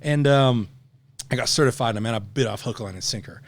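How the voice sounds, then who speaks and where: A middle-aged man tells stories as a podcast guest, casual and full of slang. He gets animated and acts out the voices of people in his anecdotes. His voice sits at an ordinary middle pitch. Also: a little fast. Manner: slangy, says "bro" often. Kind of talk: casual storytelling.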